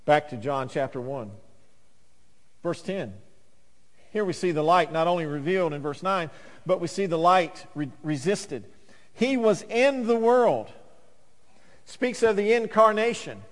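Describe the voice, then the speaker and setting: High-voiced preacher in a ringing hall. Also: male voice, lively intonation, moderate pace. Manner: preaching with dramatic swings between loud and hushed. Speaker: pastor. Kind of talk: sermon. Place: church sanctuary.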